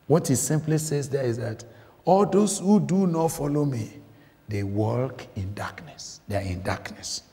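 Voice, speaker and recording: A guest preacher delivers a sermon in church, his mid-range voice warm, unhurried and lively in intonation. He speaks emphatically, questions his listeners and often repeats phrases for weight. The church recording carries a long reverb.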